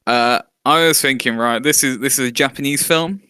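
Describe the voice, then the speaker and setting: A man's voice: mid-range voice, normal speed, sharp tone, clear, resonant tone, dry recording. A man co-hosting a podcast, joking through dry banter in casual chat. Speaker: podcast co-host.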